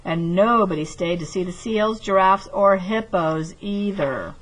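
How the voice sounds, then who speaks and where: A woman teacher reads a children's story aloud and then walks young pupils through a craft project. She speaks in a clear, measured, patient way. Her voice is mid-pitched with a soft, husky quality. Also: poor audio. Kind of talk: reading a picture book aloud, then giving craft instructions.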